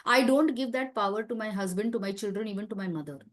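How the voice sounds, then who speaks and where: A woman's voice: medium pitch, fast talker. A woman giving a light-hearted teaching talk, emphatic and conversational, putting questions to her audience. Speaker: wellness talk speaker.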